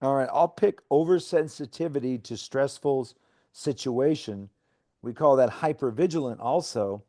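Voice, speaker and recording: A middle-aged man with a mellow, dark voice reads from his own memoir in an earnest storytelling manner. His pitch sits in an ordinary male middle range. He moves from the reading into frank talk about recovery. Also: moderate pace. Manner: earnest storytelling, acting out shouted quotes.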